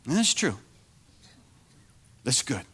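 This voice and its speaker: A middle-aged man preaching a sermon as pastor, animated and self-deprecating, moving from quiet confession to near shouting. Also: medium pitch, slow, a little hiss or hum.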